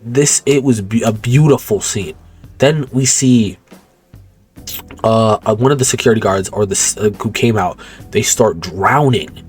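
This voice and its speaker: A man's voice: lowish voice, measured pace, slightly rough, faint music behind. A young man casually recapping a movie plot, rambling, slangy and profane, often stopping to correct himself. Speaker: movie commentator.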